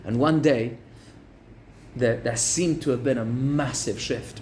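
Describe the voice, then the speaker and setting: A man who is a rabbi, giving a Torah class as a lively storyteller who breaks in with joking asides. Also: fairly high pitch, moderate pace, a little hiss or hum.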